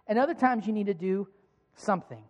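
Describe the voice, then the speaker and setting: A man's voice: sits high, brisk, dull audio. A man in his thirties, a pastor, giving a conversational sermon with rhetorical questions. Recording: long hall reverb.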